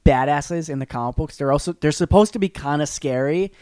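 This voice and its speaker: A man co-hosting a podcast in casual chat, talking in a rambling, animated way with many fillers and restarts. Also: a little high, brisk, clean tone, dry recording, studio quality. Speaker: podcast co-host.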